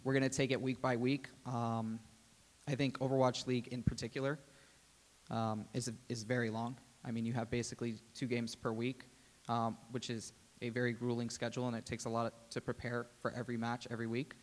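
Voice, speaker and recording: A man addressing the press as a team president, speaking in a measured way with frequent "um"s. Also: mid-range voice, little pitch movement. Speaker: team president and general manager. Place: media day press table. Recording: reverberant hall.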